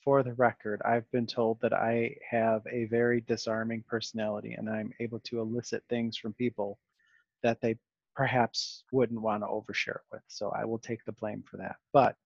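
Gravelly-voiced male podcast host. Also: fairly low pitch, level tone, normal speed, no room sound, highs cut off. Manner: talkative, reflective, frequent fillers and restarts. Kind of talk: casual conversational interview.

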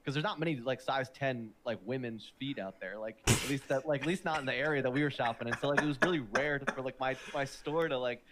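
A man in his thirties, a podcast co-host, casually telling animated stories and acting out the people in them. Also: mid-range voice, quick pace, hardly any pauses, very noisy. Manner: animated storyteller acting out quoted customers and bosses. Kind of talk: casual storytelling chat.

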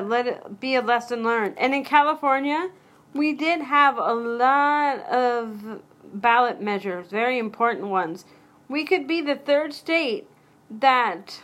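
A woman's voice: a little high, fairly bright tone. A woman hosting her own solo podcast, talking casually in a rambling way and often cutting herself off mid-thought. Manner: rambling, interrupts herself, chatty asides. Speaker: podcast host.

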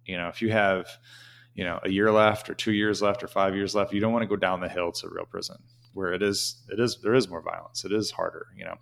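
A man's voice: low voice, fairly even intonation, fairly quick, gravelly, a bit bright. A man telling a casual, rambling story as an interview guest, with many "you know" fillers.

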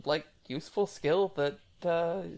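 A woman co-hosting a podcast, her voice sitting quite low. She chats casually and drops dry, wry remarks. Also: a little slow, crowd noise. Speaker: podcast co-host. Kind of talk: casual chat.

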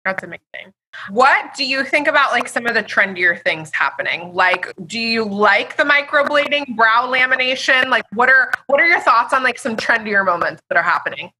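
A woman's voice: a little high, expressive, normal speed, bright, forceful tone, a little hiss or hum, low-quality recording. A young woman hosting a podcast interview, enthusiastic and gushing in her reactions. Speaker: podcast host. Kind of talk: casual interview.

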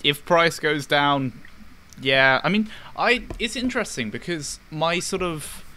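Bright, teasing man in casual chat. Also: fairly high pitch, animated, unhurried. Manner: joking, teasing. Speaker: podcast co-host.

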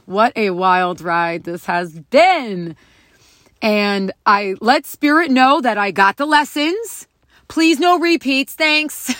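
A woman's voice: a little high, no echo, clean studio sound. A woman hosting a casual spiritual podcast, candid and open, laughing often and swearing casually. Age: adult parent. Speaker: podcast host.

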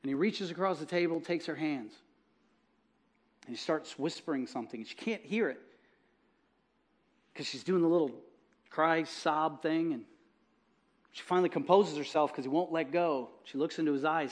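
A male pastor preaching a sermon in a church, telling a story and softly acting out its dialogue. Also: fairly high pitch, moderate pace, long pauses.

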